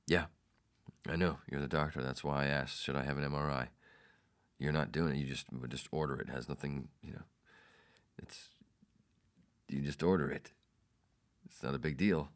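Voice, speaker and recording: A man with a deep, low voice tells a rambling personal story on his podcast. He talks casually and animatedly, and his voice jumps up when he mimics the people in the story. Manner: animated, mimics others in quoted lines. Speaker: podcast host.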